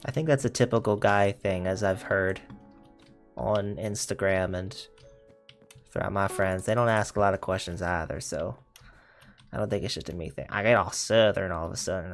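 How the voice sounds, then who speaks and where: A man's voice: low-pitched, normal speed, faint music behind. Laid-back young man rambling while gaming. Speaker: gaming streamer. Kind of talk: casual chat while playing.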